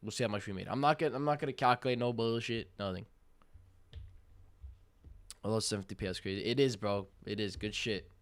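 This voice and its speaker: A young man giving casual, slangy commentary on a live trading stream, hyped and breaking into loud cheers. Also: fairly low pitch, brisk, pauses often. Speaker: livestream day trader.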